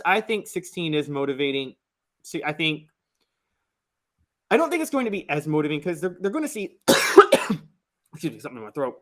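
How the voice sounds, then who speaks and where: Opinionated co-host, fairly high voice. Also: male voice, fairly bright tone. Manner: opinionated, laughs at his own jokes. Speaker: sports podcast co-host. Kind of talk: casual sports talk.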